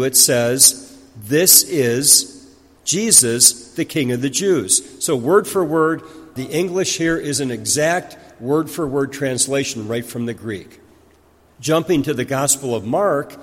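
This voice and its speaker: Man preaching in a reverberant church. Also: on the high side. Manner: teaching, asks questions and answers them. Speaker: pastor. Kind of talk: sermon.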